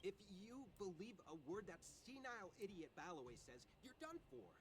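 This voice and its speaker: A man's voice: sits high, moderate pace, slight background noise. Scornful know-it-all townsman. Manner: scornful, lively.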